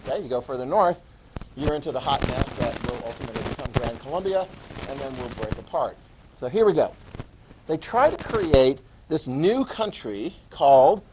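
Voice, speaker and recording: A man teaching a history class, animated, asking his students questions and answering them himself. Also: mid-range voice, a little hiss or hum. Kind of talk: classroom lecture.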